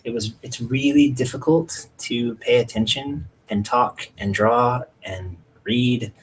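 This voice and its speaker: A man's voice: medium pitch, fairly even intonation, slow, breathy edge, rough recording. A man filling in as podcast co-host, chatting in an easygoing, encouraging way while drawing. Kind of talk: casual chat while drawing.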